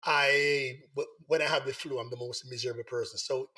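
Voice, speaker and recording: A man hosting a live online talk show, hoarse from the flu, repeatedly coaxing viewers to join in. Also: mid-range voice, fairly even intonation, brisk, pushed and bright. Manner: repetitive, coaxing appeals to viewers. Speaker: host.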